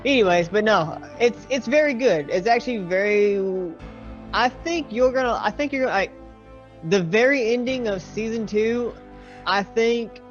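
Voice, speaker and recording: A man chatting casually with friends during a game, excited and swearing often, talking in quick bursts. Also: high-pitched, lo-fi sound, faint music behind. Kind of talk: casual chat over voice chat.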